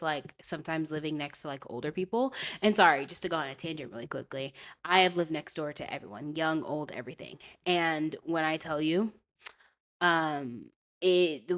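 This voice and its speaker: A young adult woman hosting a podcast, telling a long story in a chatty, digressive way and often checking in with "okay?". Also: on the low side. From California. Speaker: podcast host. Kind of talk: casual storytelling rant.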